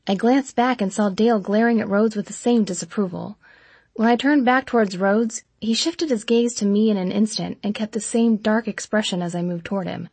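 A woman with a husky, gravelly voice reads a first-person audiobook at a steady, mid-range pitch. Her storytelling is even and unhurried, and the recording is close and bone-dry with no room sound. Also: no echo. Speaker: narrator. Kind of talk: audiobook narration.

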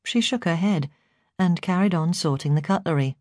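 A woman narrating a memoir in a calm, measured storytelling voice. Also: on the low side, dry recording, studio quality. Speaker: audiobook narrator.

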